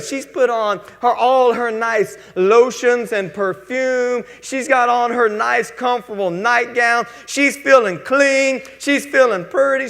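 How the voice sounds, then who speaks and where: A man with a drawl preaches with folksy, joking energy, his voice sitting unusually high with a gravelly edge. The sound carries long reverb from a church sanctuary. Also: fairly bright tone. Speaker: pastor. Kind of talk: sermon.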